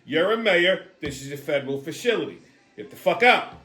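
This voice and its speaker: A man voicing a blunt male federal officer, curt and deadpan. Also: fairly high pitch, a little fast, roomy sound, pitched below the performer's own voice.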